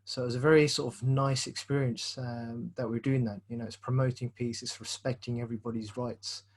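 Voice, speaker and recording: A man on a Q&A panel, a missionary, answering in a measured casual way with frequent fillers. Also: medium pitch, level tone.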